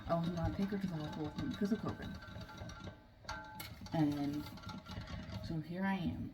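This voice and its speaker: A young adult woman telling a family story in a casual, halting way, with many fillers and restarts. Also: sits low, music in the background. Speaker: family vlogger. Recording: noisy room, mic at a distance.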